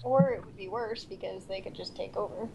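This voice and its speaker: A woman co-hosting a podcast, chatting casually, giggly and excitable, swearing freely. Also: medium pitch, fairly quick, gravelly, a little hiss or hum, poor audio. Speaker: podcast co-host. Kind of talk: casual chat.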